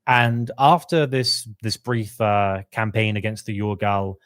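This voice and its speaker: A man with a lowish voice chats about lore on a podcast, recorded close and dry. He keeps it casual and lively, often slipping into quick put-on voices for the characters he describes. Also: dry recording. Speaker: podcast co-host.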